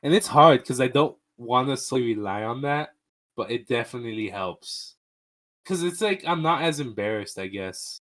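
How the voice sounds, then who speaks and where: A man's voice: mid-range voice, expressive, moderate pace, a bit bright. A young man hosting a casual podcast, bantering loosely with crude jokes and a lot of swearing. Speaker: podcast host. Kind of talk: casual chat.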